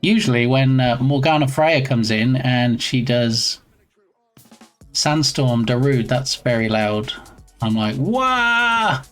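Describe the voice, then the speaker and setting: A man's voice: medium pitch, fairly even intonation, takes it slowly, faint music behind. A man chatting casually on his game development live stream, playful and reading viewer messages aloud.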